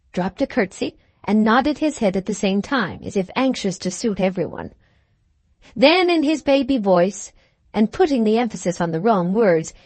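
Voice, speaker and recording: Expressive woman narrator for a classic audiobook, animated and fairly high, dry close sound. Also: no echo. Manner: expressive storytelling. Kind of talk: scripted narration.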